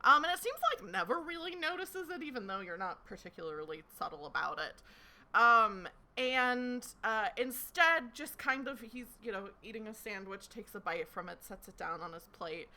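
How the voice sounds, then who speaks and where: A woman's voice: a little high, sing-song, normal speed, pushed and bright. Giggly woman game master. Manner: chatty, giggly, filler-heavy. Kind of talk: narrating a tabletop game, casual. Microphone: home microphone.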